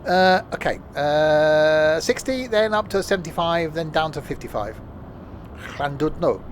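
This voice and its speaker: A man's voice: a little high, animated, unhurried, slight background noise. A man giving casual, jokey gameplay commentary while streaming, rambling and trailing off mid-sentence. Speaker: game streamer.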